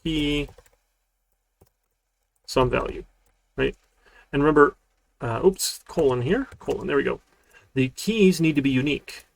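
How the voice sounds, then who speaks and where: A man with a fairly high, creaky voice leads a live-streamed university programming class, talking a little slowly and pausing often, with no echo. His style is casual and chatty, and he keeps checking in with "right?".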